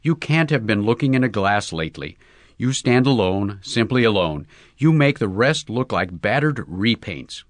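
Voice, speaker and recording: A man voicing an earnest, excitable young golfer in love, raising his voice a little for him. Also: lowish voice, moderate pace, dry recording. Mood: eager.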